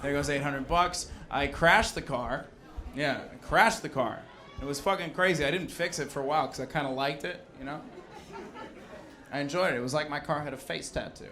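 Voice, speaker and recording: He's a young stand-up comic, fairly high-pitched and fairly quick, with a pushed, bright delivery, doing a brash, foul-mouthed set and engaging the crowd. It's recorded live in a loud bar's basement, with a laughing audience and slight background noise.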